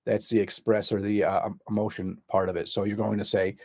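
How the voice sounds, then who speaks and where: A man working as a therapist, explaining a communication skill in a halting way, full of fillers and restarts. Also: on the low side, little pitch movement, darkish tone, no room sound, clean studio sound.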